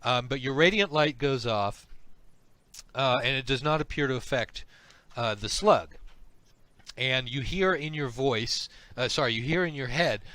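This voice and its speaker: A man running a tabletop role-playing game as game master, hesitant and halting as he describes the scene. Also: medium pitch, sharp tone, no echo. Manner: hesitant, many ums and repeated starts.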